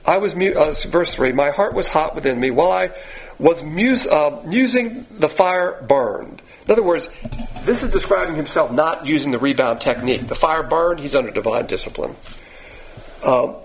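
An older man preaching a sermon in a blunt, animated, coarse-spoken way. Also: a little high, moderate pace, slight background noise, low-quality recording. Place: church in Texas.

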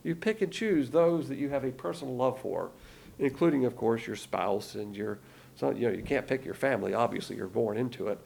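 A man's voice: mid-range voice, a little fast, gravelly, a little mellow, slightly rough. A man giving an emphatic Bible lesson in sermon style, often repeating key words and stopping to restart his sentences. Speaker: Bible teacher.

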